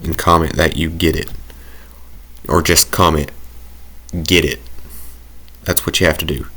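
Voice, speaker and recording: A man's voice: very deep voice, steady tone, measured pace, sharp tone, breathy edge. A man giving casual, rambling commentary while playing a football video game, thinking aloud and joking at his own expense. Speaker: gaming commentator.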